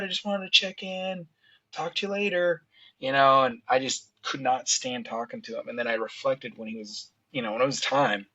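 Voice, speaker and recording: A man in his thirties talks openly on a podcast, loose and conversational, with lots of "you know" and "dude". His voice is bright and forceful. The recording is slightly dull and lo-fi. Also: medium pitch. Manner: candid, casual, says "you know" and "dude" a lot. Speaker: podcast guest. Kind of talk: emotional personal storytelling.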